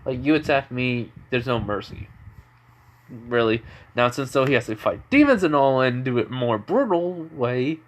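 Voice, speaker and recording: Brief: young guy narrating a made-up fan story, rambling, middle pitch, very casual. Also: expressive, moderate pace. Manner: rambling, filler-heavy, chuckling. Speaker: amateur storyteller.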